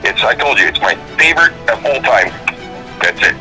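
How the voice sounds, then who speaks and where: Excitable man on a phone call. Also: mid-range voice, fairly quick, soft background music. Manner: excitable, swearing, loud outbursts. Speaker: phone-in guest. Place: outdoors by a fire.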